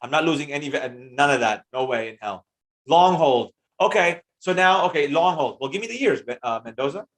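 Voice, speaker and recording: A man teaching trading on a live stream, answering chat comments in an energetic, slangy way and greeting viewers by name. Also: a little high, fairly quick.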